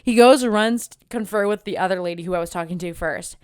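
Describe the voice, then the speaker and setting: A young woman vlogging as a travel content creator, telling a story in a chatty, animated way and acting out the voices of the people in it. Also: lowish voice, fast talker, smooth, no room sound, studio quality. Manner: chatty, animated, acts out quoted voices with many "like"s. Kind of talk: casual storytelling vlog.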